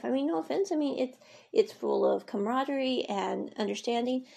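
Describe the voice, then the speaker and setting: A woman's voice: high-pitched, expressive, fairly quick, creaky, warm tone, slightly rough. A woman casually recapping a drama episode, retelling scenes in a chatty, rambling way with lots of fillers. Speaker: series recap reviewer.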